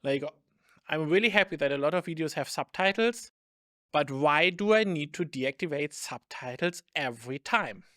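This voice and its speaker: Podcast cohost guy, kinda high voice, says "like" a lot, dry close mic. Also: lively intonation, moderate pace, fairly bright tone, no echo. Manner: chatty, filler-heavy, lots of "like". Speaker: podcast co-host. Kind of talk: casual chat.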